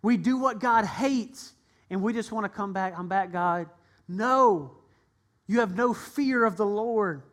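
A male pastor with a high-sitting, slightly bright voice preaches an unhurried sermon, earnest and emphatic. His retelling is dramatic, with him acting out the voices of the characters.

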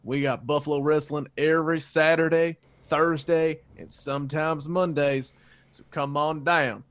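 A man's voice: fairly high pitch, fairly even intonation, a little slow, close to an everyday voice. A man doing a brash backyard huckster. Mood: hucksterish. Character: loud backyard wrestling league owner, brash man.

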